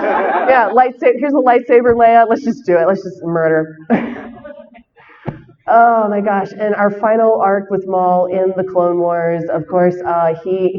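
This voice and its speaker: A woman speaking at a convention panel, excitable and quick to laugh, with many fillers. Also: on the low side, in a large hall, lo-fi sound. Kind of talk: enthusiastic fan talk.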